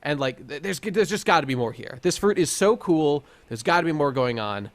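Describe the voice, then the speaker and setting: An excitable young man co-hosting a casual podcast. His voice sits a little high, and he stumbles and restarts as his thoughts race ahead. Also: moderate pace. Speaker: podcast co-host. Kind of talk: casual chat.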